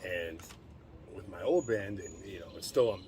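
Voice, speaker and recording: A man's voice: sits low, normal speed, background noise. A man, a band member and guest, chatting casually, rambling, swearing and often trailing off mid-sentence. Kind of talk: casual chat.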